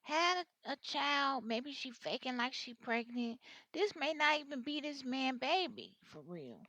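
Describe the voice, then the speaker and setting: A woman's voice: high-pitched, sing-song, a little slow, sharp tone, dry recording. A woman giving a casual tarot reading, talking bluntly in rambling, slangy speech full of cussing. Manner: blunt, slangy and openly vulgar; rambling, with frequent restarts. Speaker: tarot reader.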